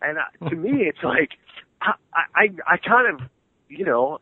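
A man's voice: high-pitched, big pitch swings, normal speed, slightly rough, no room sound. A middle-aged man, a guitarist, rambling animatedly in a casual interview with many restarts. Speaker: guitarist and band member, interview guest. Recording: tinny phone-like line.

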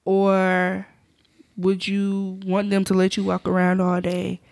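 A co-host in casual podcast chat, relaxed, teasing and giggly. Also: medium pitch, slow pace, creaky, no room sound.

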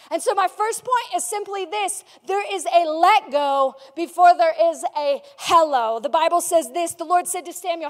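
Woman pastor, high voice, lively casual sermon storyteller, long church-hall reverb. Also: normal speed, hardly any pauses. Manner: lively storytelling, casual slang, acting out Bible scenes.

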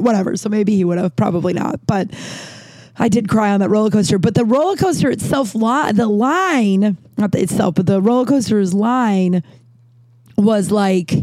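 Thirties woman with a warm, mellow tone, chatty monologue host who rambles, self-corrects and curses, recorded dry and close. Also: medium pitch, normal speed, no room sound. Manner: rambling, swears freely, frequent restarts and self-corrections. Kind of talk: casual storytelling monologue.

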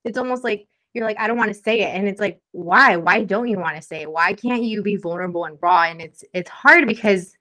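A young woman co-hosting a relaxed podcast chat. Her voice is bright and forward, and she talks animatedly. She laughs often and acts out little quoted exchanges. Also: mid-range voice, brisk, few pauses. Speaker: podcast co-host. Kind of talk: casual chat.

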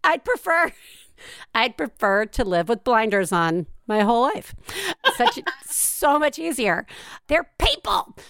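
A woman hosting an interview, a parent herself, chatty, bubbly and quick to laugh. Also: on the high side, big pitch swings, creaky, fairly bright tone, clean tone, dry recording, clean studio sound. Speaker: interview host. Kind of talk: casual interview chat.

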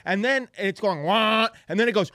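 Male comedian guest, higher voice, animated storyteller, dry studio sound. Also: brisk, dry recording. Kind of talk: casual podcast chat. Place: podcast studio.

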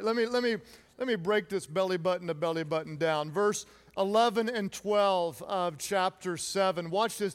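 A man preaching a playful sermon, joking and calling for responses from the congregation. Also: high-pitched. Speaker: pastor.

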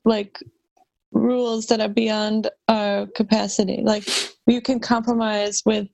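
A woman's voice: mid-range voice, little pitch movement, measured pace, gravelly, darkish tone, no echo, dull audio. A woman guest on a podcast in casual chat, talking emphatically with incredulous outbursts.

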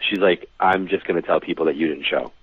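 A man's voice: sits low, fast talker, husky, dry recording. A man, a psychic reader, casually telling anecdotes and acting out the people in them, with lots of fillers. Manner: animated anecdote-telling, acts out quoted voices, many fillers. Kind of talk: casual storytelling interview. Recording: tinny phone-like line.

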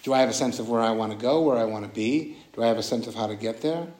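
A meditation teacher gives a casual but earnest dharma talk, frequently restarting his sentences. His mid-range voice is quick with a darkish tone, echoing in a roomy hall.

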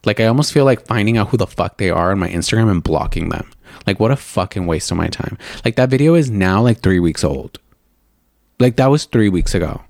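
A young man hosts a makeup podcast and rants in a loose, rambling monologue. His voice sits a little low, and he packs every sentence with "like" fillers and blunt swearing. The sound is dry and close, with almost no room in it. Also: animated, a little fast, creaky, a little mellow, no room sound. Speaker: makeup video and podcast host. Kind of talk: casual ranting monologue.

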